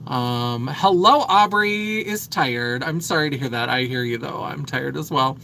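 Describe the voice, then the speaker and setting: A man's voice: medium pitch, measured pace, gravelly, bright, forceful tone, slight background noise, poor audio. A man in his thirties hosting a casual makeup livestream, chatting and reading viewer comments aloud. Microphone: phone.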